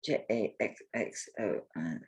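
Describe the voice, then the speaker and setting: An older woman with a husky voice runs a live jewelry sale, talking slowly and mostly to herself. Her pitch rises and falls widely, and she drops in some mild cursing as she goes. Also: lively intonation, darkish tone. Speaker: jewelry seller. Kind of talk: live sale, chatty self-talk while looking up items.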